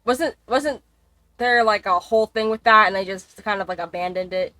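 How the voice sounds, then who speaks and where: A woman's voice: mid-range voice, normal speed, pushed and bright, no echo. A woman streaming a game live, chatting in a rambling, casual way and swearing freely. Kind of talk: casual gaming livestream chat.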